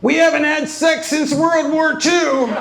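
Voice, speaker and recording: A fussy, sharp-tongued old mother who nags and snipes, as a comedian puts her on. Her voice sits high and prim, with the club audience laughing around it. She doles out one-liners and scolds her grown son. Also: level tone, a little slow, gravelly, slight background noise, full character voice, low-quality recording. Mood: snarky. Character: nagging elderly mother with arthritis, sharp-tongued.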